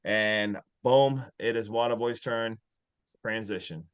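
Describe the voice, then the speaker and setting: A man co-hosting a podcast, excitedly retelling a horror movie scene by scene with lots of "like". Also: lowish voice, slow pace, clean tone. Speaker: podcast co-host. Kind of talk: casual movie review chat.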